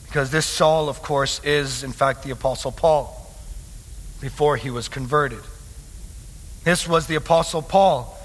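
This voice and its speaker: A man preaching a sermon as pastor, calling his listeners loved ones and swinging between hushed tones and loud, emphatic passages. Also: medium pitch, husky. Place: church hall with a congregation. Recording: long hall reverb.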